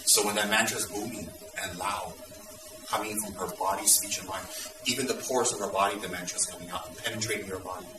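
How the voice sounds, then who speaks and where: A man teaching Buddhist students in an intense, dramatic way, at times breaking into loud exclamations. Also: on the low side, echoey room, recorded from a distance, background noise.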